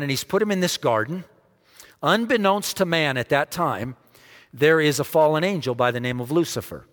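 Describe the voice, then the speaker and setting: A man preaching a sermon, dramatic, dropping almost to a hush to stress a point. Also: medium pitch. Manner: dramatic, drops to a near hush for emphasis. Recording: long hall reverb.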